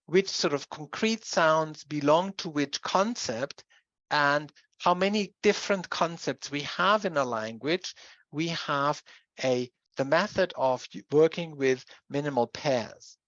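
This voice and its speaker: Lecturer talking thru a uni class, lots of pauses n restarts, dull dry sound. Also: mid-range voice, fairly bright tone, no echo. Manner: explanatory, with pauses and self-corrections. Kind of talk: university lecture.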